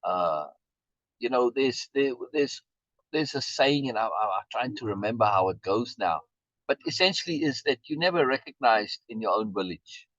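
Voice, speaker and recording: A man's voice: medium pitch, lively intonation, normal speed, a bit bright, no echo, lo-fi sound. A man musing reflectively in a casual video meeting, stammering and repeating words as he talks. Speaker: meeting participant being honored.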